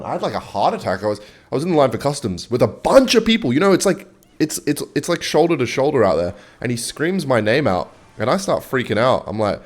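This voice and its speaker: A man's voice: medium pitch, big pitch swings, fast talker. A young man giving casual, rambling gameplay commentary and swearing freely as he chats. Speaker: gaming video host.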